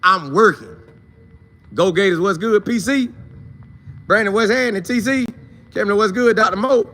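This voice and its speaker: A man hosting a casual sports talk live stream, shouting out viewers by name in loose, slangy, animated talk. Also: high voice, moderate pace.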